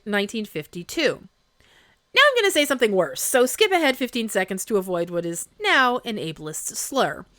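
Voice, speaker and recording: A woman hosting a history podcast, telling the story in a chatty, wry way with quick asides. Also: mid-range voice, fairly bright tone, no echo. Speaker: podcast host.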